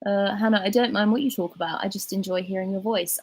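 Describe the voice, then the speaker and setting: Breathy twenty-something english girl, posh southern RP accent, rambly chatty livestream talk. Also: medium pitch, expressive, quick pace, few pauses. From England. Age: 20s. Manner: chatty, rambling, reads chat aloud. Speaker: livestreaming YouTuber. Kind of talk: casual chat reading live comments.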